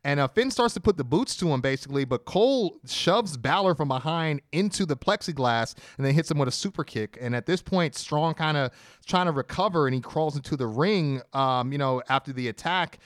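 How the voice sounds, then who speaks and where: A man co-hosting a podcast, recapping a wrestling show blow by blow in a casual, animated storytelling way and acting out quotes. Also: on the high side, brisk, no echo, studio quality. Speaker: podcast co-host.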